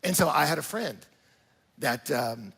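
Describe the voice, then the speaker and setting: A male pastor preaches in a large church auditorium, his husky voice ringing with a long reverb. He talks in an animated way, asks the room question after question and acts out small scenes as he goes. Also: on the high side, measured pace. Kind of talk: sermon.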